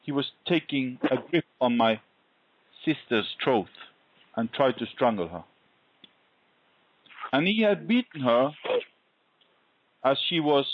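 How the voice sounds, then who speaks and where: A man sharing a faith testimony in an interview, telling his story earnestly and deliberately. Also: medium pitch, no echo. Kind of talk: conversational interview, personal testimony. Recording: dull lo-fi recording.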